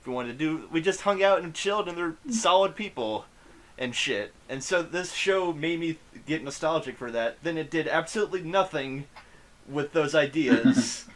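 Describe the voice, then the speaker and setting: A man's voice: a little high, normal speed. A man in casual podcast chat, talking bluntly and profanely. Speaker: podcast guest.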